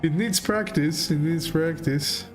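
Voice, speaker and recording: A man's voice: a little high, measured pace. A man casually commenting while he plays a video game, hesitant, with many fillers, restarts and laughs. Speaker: game streamer. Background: faint game music.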